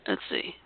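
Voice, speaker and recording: A host running a party word game on a podcast, chatty and giggly, calling on each player by name. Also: a little hiss or hum. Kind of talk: casual podcast game hosting. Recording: tinny phone-line audio.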